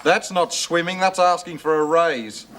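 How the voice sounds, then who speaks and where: Guy doing a fed-up sarcastic young bloke, aussie, highish voice, noisy track. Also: measured pace, lightly acted. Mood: exasperated. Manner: sarcastic, exasperated. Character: exasperated sarcastic young son-in-law. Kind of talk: sitcom acting. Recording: noisy TV soundtrack.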